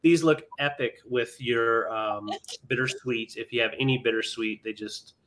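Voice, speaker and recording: A man's voice: mid-range voice, steady tone, moderate pace, fairly bright tone, slight background noise. A man hosting a live vintage sale stream, chatting casually with many ums and counting down bids.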